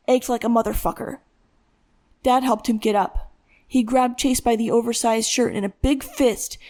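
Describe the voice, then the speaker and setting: A woman's voice: a little high, a little mellow. Woman reading a dramatic audiobook. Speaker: audiobook narrator. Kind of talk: scripted audiobook narration.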